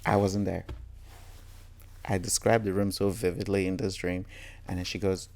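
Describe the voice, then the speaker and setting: Deep gravelly man telling personal stories. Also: level tone, moderate pace, long pauses, a little mellow. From Nigeria. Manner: candid, earnest, quotes others in reported speech. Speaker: storyteller. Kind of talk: reflective personal storytelling.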